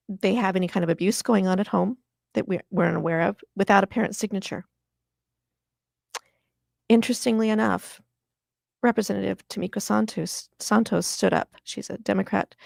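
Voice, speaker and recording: Middle-aged woman from Washington State, gravelly voice, dry close mic, earnest guest telling her story. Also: medium pitch, no echo. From Washington State, USA. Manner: earnest and impassioned, voice catching with emotion. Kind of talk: interview.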